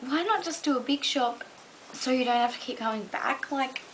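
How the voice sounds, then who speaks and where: A woman's voice: high voice, moderate pace, slight background noise, poor audio. A young Australian woman vlogging casually to camera, rambling with lots of "um" and "like". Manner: rambling, full of "um" and "like".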